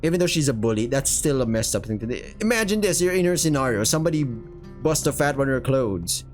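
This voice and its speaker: A man's voice: mid-range voice, big pitch swings, fast. A young man reads a manga aloud, rambling through the panels with casual swearing and plenty of "uh"s. He talks from a room at home while faint guitar music plays behind him. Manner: rambling, profane, with filler words. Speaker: manga reviewer. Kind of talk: casual manga read-along commentary.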